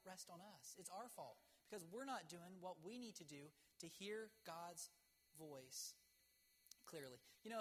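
A middle-aged man preaching a folksy, earnest sermon in numbered points, full of rhetorical questions, and dropping low and slow on key words. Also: a bit bright. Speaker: pastor.

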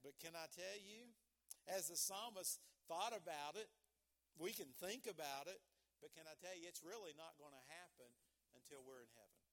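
High, bright-voiced man preaching a sermon. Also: normal speed. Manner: emphatic preaching, swings from shouts to hushed tones. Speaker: pastor.

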